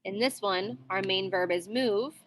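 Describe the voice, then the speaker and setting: Lady teacher going over grammar in class, bright clear voice, patient, keeps asking okay?. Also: mid-range voice, measured pace. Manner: patient, repeats with frequent "okay?" checks.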